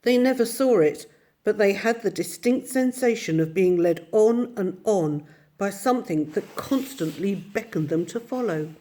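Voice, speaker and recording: Mellow woman reading a storybook aloud. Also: mid-range voice, a little slow. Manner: steady, expressive storytelling. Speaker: audiobook narrator.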